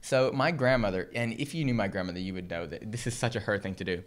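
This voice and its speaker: A young male podcast co-host from Southern California tells a casual story, laughing and acting out his characters. He has a lowish voice and talks fast.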